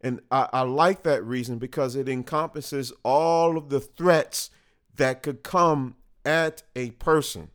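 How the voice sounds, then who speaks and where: A slow, measured man talks through his ideas on his own show. His voice is smooth and clear at an ordinary middle pitch, and he often stops to rephrase or correct himself. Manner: slow and deliberate, with restarts and small self-corrections. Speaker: host. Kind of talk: unscripted monologue talk.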